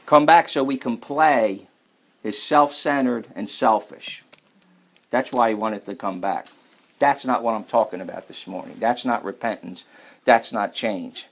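A man preaching a sermon, emphatic, repeating key phrases and slowing right down to stress his points. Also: lowish voice.

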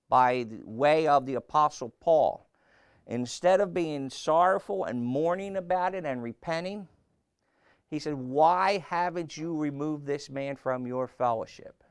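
A man's voice: fairly high pitch, gravelly, clear, resonant tone, dry recording, studio quality. A man preaching a sermon, emphatic and rhetorical, firing questions at the congregation and repeating phrases for effect.

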